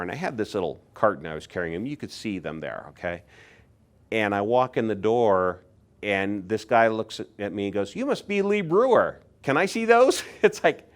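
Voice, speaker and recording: A man in his sixties from Pennsylvania, telling casual stories about collecting as a hobby in a lively way and acting out what other people said. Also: lowish voice. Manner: animated, acts out what others said, chuckles. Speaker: insulator collector. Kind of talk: casual storytelling.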